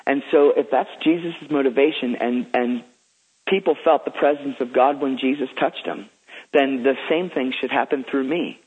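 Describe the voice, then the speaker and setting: A man's voice: medium pitch, moderate pace, husky. A man who is a guest minister, telling stories in an eager, emphatic, preacherly way. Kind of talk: enthusiastic storytelling. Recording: phone-like radio line.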